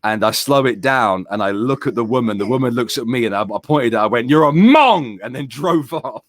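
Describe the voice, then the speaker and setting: A British man in his thirties, co-hosting a stream and telling a rowdy story in casual chat, swearing freely and acting out his own shouting. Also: mid-range voice, brisk. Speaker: streamer and co-host.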